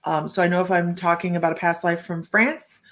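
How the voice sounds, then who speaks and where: A woman's voice: on the low side, fairly even intonation, brisk, a bit bright. A woman giving a live-streamed psychic reading, chatting to her viewers and thinking aloud in loose, rambling sentences. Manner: chatty, talks straight to viewers and greets them by name. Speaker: psychic reader.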